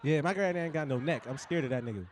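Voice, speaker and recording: A young man performing a profane stand-up comedy set, talking straight to the crowd in an animated way on stage. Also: on the high side, fast, slight background noise.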